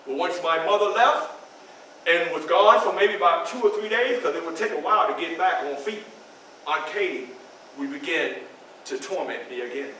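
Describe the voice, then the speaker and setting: In a library event room, a male historical reenactor portrays a grave, earnest formerly enslaved man, telling his story as a theatrical first-person monologue. His high, bright voice is expressive at a moderate pace, leaning on emphatic repetition, and the mood is solemn. A distant camera captured it in a very echoey room with a faint background hum.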